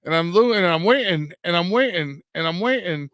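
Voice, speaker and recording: A man's voice: high voice, lively intonation, fairly quick, a bit bright, clean tone, no room sound. Man, middle-aged, casual podcast chat, rambling, stammering restarts, swears a lot, dry close sound. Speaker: podcast co-host.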